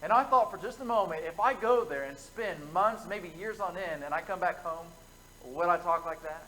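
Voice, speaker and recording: A man's voice: high-pitched, moderate pace, a bit bright, slight background noise, low-quality recording. A man preaching an evening sermon in a church, telling folksy stories with asides to the congregation. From United States. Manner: conversational storytelling, folksy asides. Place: church sanctuary.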